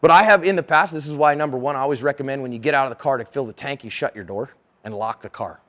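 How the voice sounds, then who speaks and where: A man's voice: mid-range voice, fast talker, fairly bright tone. A middle-aged man giving a conference lecture as a self-defense instructor, speaking conversationally and acting out dialogue in character voices.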